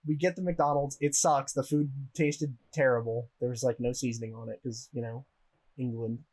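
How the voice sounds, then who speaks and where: A man's voice: medium pitch, steady tone, normal speed, darkish tone. A young American man co-hosting a podcast, telling a story in a rambling way with lots of swearing and laughter. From United States. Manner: profane, rambling, laughs while telling stories. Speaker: podcast co-host. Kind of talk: casual storytelling chat.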